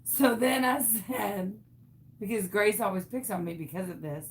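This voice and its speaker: A woman from the United States, host of a craft tutorial, telling a story in a chatty, animated way and often laughing. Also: mid-range voice, measured pace. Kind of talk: casual storytelling.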